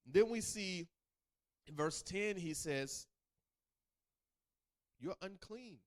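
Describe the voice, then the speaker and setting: A man teaching scripture in a lively sermon style. His pitch swings widely and sits a bit high for a man. He keeps asking the listeners questions and acts out the voices in the text. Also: takes it slowly. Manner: animated, call-and-response questions, acts out quotes. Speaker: bible teacher.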